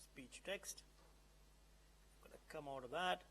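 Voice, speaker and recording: High-voiced man giving a live demo. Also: a little slow, sharp tone, slight background noise. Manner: conversational, keeps checking the audience understands. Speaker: presenter. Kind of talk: live tech demo talk. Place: event hall.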